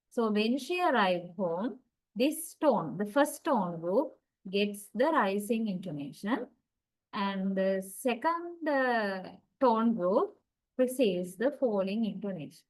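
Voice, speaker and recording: A woman's voice: mid-range voice, lively intonation, slow, rough recording. A woman teaching a university class on English intonation, explaining step by step, checking in with "right?" and acting out example sentences. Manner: demonstrates sentences with exaggerated intonation. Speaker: lecturer.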